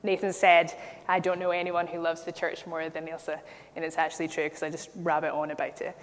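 A woman's voice: sits low, completely flat delivery, a little fast. Woman preaching in a reverberant hall. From Scotland. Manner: storytelling, emphatic at key points. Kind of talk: sermon.

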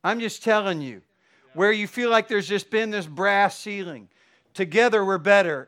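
A man's voice: high voice, fairly bright tone. A middle-aged man, a pastor, preaching a sermon with fervent, building emphasis.

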